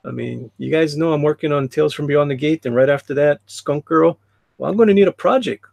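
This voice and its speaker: A man's voice: a little high, a little fast, creaky, a little mellow, dry recording. A man hosting a casual livestream, reading chat comments aloud with joking asides and frequent laughs. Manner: chatty, laughs often, reads chat aloud with jokey asides. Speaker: livestream host. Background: dog jumping on him.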